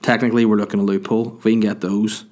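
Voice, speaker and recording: A young man tells a rambling story to camera, poking fun at himself along the way. His voice sits a touch low and his delivery stays loose and chatty. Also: flat delivery, racing, darkish tone. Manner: rambling, jokey, self-mocking. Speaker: vlogger. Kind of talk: casual storytelling.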